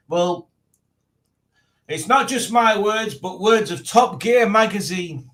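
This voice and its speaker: A man's voice: high-pitched, animated, takes it slowly, fairly bright tone. A man hosting a live stream, chatting casually, rambling and joking as he reads out viewer comments. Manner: rambling, jokey, reads chat aloud.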